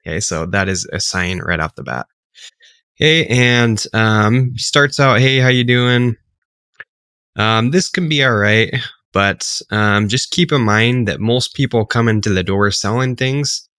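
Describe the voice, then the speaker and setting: A man with a lowish voice talks through a sales pitch in a loose, casual coaching way. He fills gaps with ums and rights as he explains, and the recording is close and dry with no room sound. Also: unhurried, no room sound. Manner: relaxed, filler-heavy, explains step by step.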